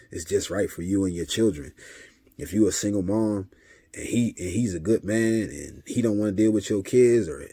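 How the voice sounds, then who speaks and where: A man speaks straight to camera in an easy, talkative way, sharing spiritual advice drawn from his life as a father. His voice sits low with a husky edge. The sound is close and dry, with no room echo. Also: mellow. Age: adult father of several children. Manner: conversational, often repeats a filler tag and acts out dialogue. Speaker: vlogger giving spiritual advice. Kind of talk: casual spiritual talk monologue.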